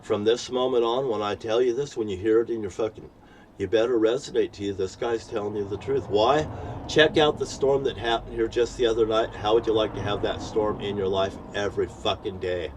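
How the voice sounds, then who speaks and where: A man's voice: fairly low pitch, steady tone, brisk, darkish tone, far from the mic, a little hiss or hum. A man ranting to camera in an angry, profane, rambling preaching manner. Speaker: vlogger.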